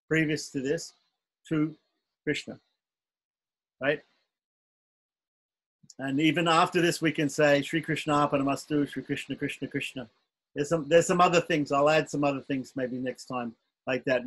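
A man's voice: fairly high pitch, fairly bright tone, husky, rough recording. Patient man teaching chanting syllables. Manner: patient, corrects himself often, spells out syllable lengths. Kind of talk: online chanting lesson.

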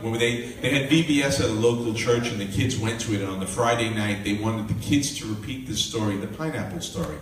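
A man preaching, telling family stories with lively, animated delivery and acting out the voices of his kids. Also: medium pitch, fast, few pauses, slight background noise. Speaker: minister. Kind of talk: sermon. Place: hall with live audience. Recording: echoey room from far off with faint ambience.

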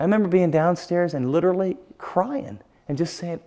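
Earnest middle-aged guy preaching, kinda high voice, gets quiet and hushed telling personal stuff. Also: animated, moderate pace. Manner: earnest, confessional, drops to a hushed near-whisper at emotional points. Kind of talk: sermon.

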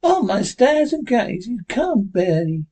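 A man voicing a fussy older woman of the town, with folksy exclamations and a husky voice. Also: sits high, very animated, takes it slowly, mellow, pitched above the performer's own voice, full character voice. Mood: excited.

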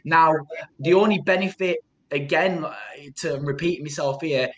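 A man speaking as a guest on a video call, giving emotional personal testimony in an earnest, halting way, often repeating words. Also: on the high side, fairly bright tone, low-quality recording. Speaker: guest, trauma support group founder.

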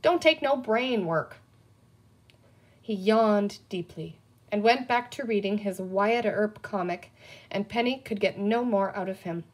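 A woman's voice: mid-range voice, a little slow. A woman reading a children's book aloud, telling it expressively. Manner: expressive storytelling. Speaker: reader.

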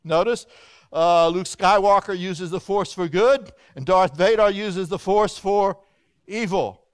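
A male pastor lectures in a folksy, animated way, rising loud and then dropping to a hush. His voice sits high for a man and comes through smooth and clear. He speaks in a church hall. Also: a little slow. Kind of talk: evening Bible lecture.

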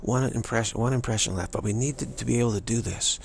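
A man giving a spiritual practice talk, halting and musing, with frequent restarts and repeated phrases. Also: mid-range voice, creaky, slight background noise. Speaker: spiritual teacher.

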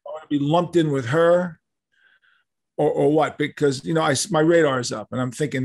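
An older man tells a story as an interview guest. He acts out each line of dialogue with lively energy, in a voice a touch higher than most men's. The sound is dry and close. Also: brisk, gravelly, no echo. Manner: animated, acts out quoted dialogue.

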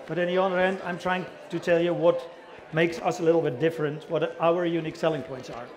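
A man's voice: on the high side, fairly even intonation, a little fast. A middle-aged man with a Dutch accent giving a chatty conference talk, asking the audience questions and joking about himself. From the Netherlands. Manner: chatty, self-deprecating, engages audience with questions. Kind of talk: conference presentation. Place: conference hall.

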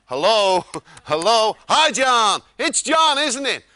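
A loud, sunny Texan hotel porter, as a man puts him on, stretching his words out warmly. The voice sits high and sounds bright and close, with nothing around it. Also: big pitch swings, dry recording, heavily acted. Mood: cheery. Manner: booming, over-friendly, drawn-out.

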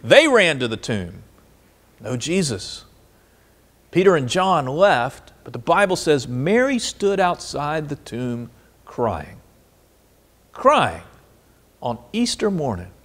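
A man preaching a sermon as pastor, asking listeners questions and moving between quiet and animated delivery. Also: a little high, slow pace. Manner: expressive, swings between soft and animated.

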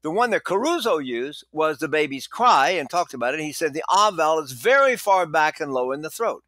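A man's voice: a little high, sing-song, a little fast, sharp tone, no room sound. A man in his eighties with a Texan accent, an old opera singer and voice teacher, telling stories and demonstrating breaths and vowels as he talks. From Texas. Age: 80s. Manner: storytelling, demonstrates vowels and breaths mid-sentence. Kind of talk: conversational interview, teaching.

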